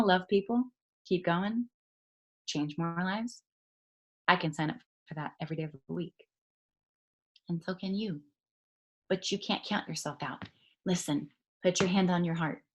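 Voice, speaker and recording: Woman hyping up her team on a zoom call, preachy, gets loud then real quiet. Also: fairly low pitch, measured pace, long pauses. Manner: emphatic, preachy, swings from loud to hushed. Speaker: network marketing leader speaking on a call. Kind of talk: motivational pep talk. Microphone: video call.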